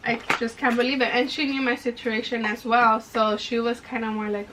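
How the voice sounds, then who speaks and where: A woman's voice: fairly high pitch, little pitch movement, moderate pace, noisy background. A young woman casually telling a personal story, full of "like" fillers and acted-out dialogue. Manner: chatty, many "like" fillers, reenacts dialogue. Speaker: vlogger. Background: background music.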